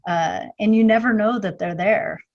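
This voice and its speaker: A woman's voice: medium pitch, moderate pace, lo-fi sound, a little hiss or hum. A middle-aged woman guest, a business strategist, talking chattily with many fillers and quoted asides. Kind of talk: casual interview chat.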